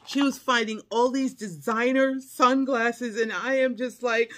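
Slightly high and slow, this woman has a fairly bright tone. She's a middle-aged haul vlogger chatting casually through an unboxing, effusive and prone to delighted squeals, addressing viewers as y'all and honey.

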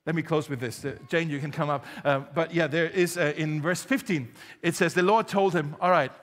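Pastor preaching in a reverberant church. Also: male voice, on the high side, fairly quick. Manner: storytelling, conversational with laughs, rising to emphatic exhortation. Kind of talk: sermon. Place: church hall.

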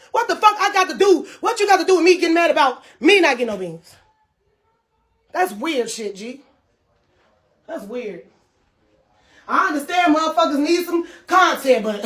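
Woman streamer, very high voice, heated profane live rant. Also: expressive, brisk. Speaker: livestreamer. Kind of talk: livestream rant.

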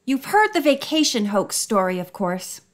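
Calm, level-headed girl sleuth, read by a woman. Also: fairly high pitch, normal speed. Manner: level, reasonable. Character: calm composed teenage girl detective.

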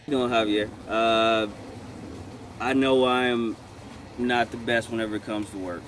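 A man's voice: lowish voice, steady tone, normal speed, a bit bright, a little hiss or hum. Hesitant young man stumbling through a toast. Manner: hesitant, many fillers and restarts. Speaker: wedding guest giving a toast. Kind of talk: halting casual toast.

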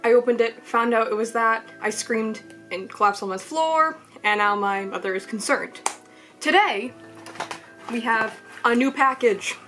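A young woman talks straight into a camera on a little tripod, unboxing a package at home. Her voice sits a bit high and sounds bright and sharp, and she rambles giddily with plenty of "like" and "um". Faint music plays underneath. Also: a little slow. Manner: giddy, rambling, lots of "like" and "um". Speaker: vlogger. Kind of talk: excited unboxing chat. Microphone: camera on mini tripod.

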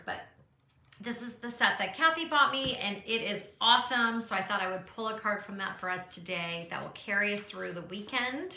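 A woman's voice: fairly low pitch, creaky, sharp tone, roomy sound. A middle-aged woman hosting a casual live chat from her art studio, gushing and encouraging her viewers, with plenty of fillers along the way. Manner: chatty with frequent fillers.

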